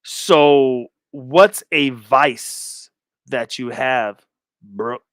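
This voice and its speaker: Creepy murmuring stalker guy, low and slow, as a man puts him on, dry close sound. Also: no room sound. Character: creepy soft-spoken stalker man, menacing.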